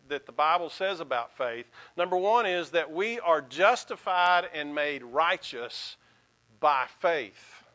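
A man's voice: on the high side, sharp tone, highs cut off. A male pastor giving a sermon in an earnest, conversational way, with a folksy sense of humor.

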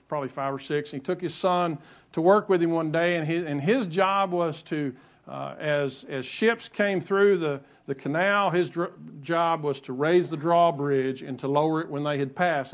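Man preaching a conversational sermon. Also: on the high side. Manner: conversational preaching with repeated phrases and asides. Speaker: pastor.

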